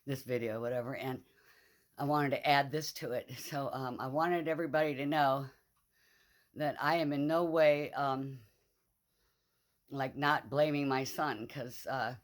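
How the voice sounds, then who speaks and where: A woman's voice: a bass voice, fairly even intonation, measured pace, long pauses, no echo. A middle-aged woman in a casual vlog monologue, grieving and angry, rambling bluntly and swearing freely. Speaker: vlogger.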